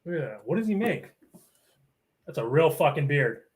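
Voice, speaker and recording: A man's voice: a little high, big pitch swings, moderate pace. A man, a guest on a casual podcast, telling a rambling story and acting mock-offended, swearing a lot. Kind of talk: casual banter.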